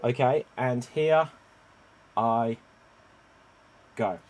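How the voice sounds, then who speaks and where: A man hosting an online improv comedy show, animated and given to loud exclamations. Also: fairly high pitch, a little slow. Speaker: improv game host.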